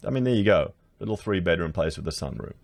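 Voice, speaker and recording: A man's voice: sits low, lively intonation, quick pace, gravelly, no room sound. An Australian man chatting casually to his viewers, sarcastic as he browses house listings and addresses them as guys. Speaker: political commentator.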